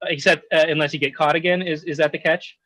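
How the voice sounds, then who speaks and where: A man with a fairly high voice riffs in loose, laughing podcast banter, cursing freely as he goes. His voice is close and dry, with no room sound around it. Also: steady tone, fast talker, fairly bright tone, dry recording. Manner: laughing, swearing, jokey banter. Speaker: podcast co-host. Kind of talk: casual chat.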